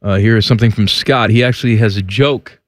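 A man's voice: on the low side, quick pace, dry recording. A man co-hosting a radio show, chatting in a playful, joking way. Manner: playful, jokey, slips into silly impressions. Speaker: radio co-host; father. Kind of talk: casual radio banter.

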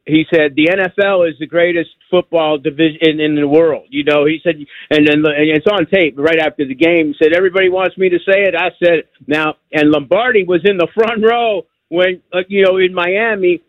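A man's voice: fairly high pitch, fairly even intonation, fairly quick, hardly any pauses, dry recording. Rambling older male caller on a phone line. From New York. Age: 60s. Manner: rambling, repetitive, emphatic. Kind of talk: call-in radio chat.

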